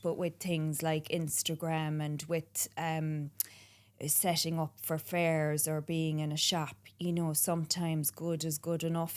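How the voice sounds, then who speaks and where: A woman with an Irish accent, a business founder talking as a podcast guest in casual, animated, self-mocking chat. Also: low-pitched, clean tone.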